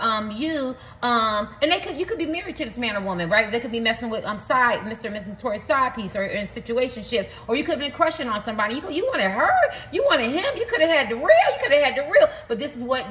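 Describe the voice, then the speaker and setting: Woman, slightly high voice, casual rambling reader, blunt and repetitive, faint noise behind. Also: bright, forceful tone. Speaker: tarot reader. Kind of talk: casual spoken reading to camera.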